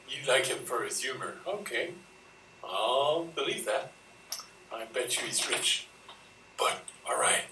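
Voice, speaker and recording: A man improvising a comic skit in a breathy, half-whispered, animated way. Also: medium pitch, a little slow. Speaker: improv performer. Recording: roomy sound from far off with faint noise.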